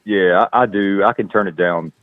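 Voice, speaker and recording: A Southern-accented man with a low voice and moderate pace chats as an actor guest in a casual interview, laid-back and rambling with lots of fillers. The audio has a tinny, phone-line quality.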